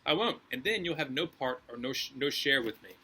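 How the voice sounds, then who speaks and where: A man acting out an easygoing teacher and master who brushes off a student's overreach in plain, relaxed words. The voice is bright and forceful, and the telling stays close to his own sermon voice. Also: medium pitch, fairly quick, slightly rough, heavily acted. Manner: casual, laid-back. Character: calm teacher and lord, gently correcting.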